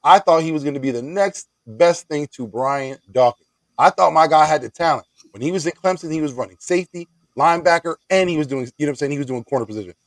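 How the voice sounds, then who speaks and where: A man's voice: a little high, lively intonation, fast talker, dry recording, rough recording. A man hosting a casual sports podcast, playful and self-mocking as he leads the talk. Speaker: podcast host.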